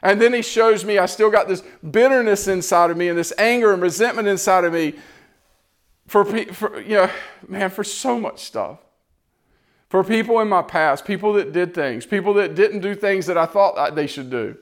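A man's voice: sits high, normal speed. A man giving an impassioned, earnest sermon testimony, repeating phrases as he builds.

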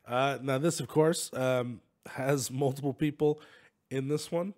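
A man's voice: mid-range voice, fairly even intonation, unhurried, a little mellow. A man co-hosting a podcast in jokey casual chat, laughing often. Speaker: podcast co-host.

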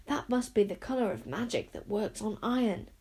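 A woman's voice: medium pitch, very animated, moderate pace, warm tone, breathy edge. A woman voicing a fussy, grand old talking bird in a storybook, speaking in a theatrical, formal way. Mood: grave.

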